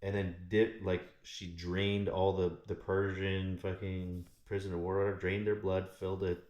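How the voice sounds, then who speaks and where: Male host, deep voice, swears constantly, rambles through a story with lots of asides. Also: flat delivery, a little slow, darkish tone. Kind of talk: casual profane storytelling. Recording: echoey room.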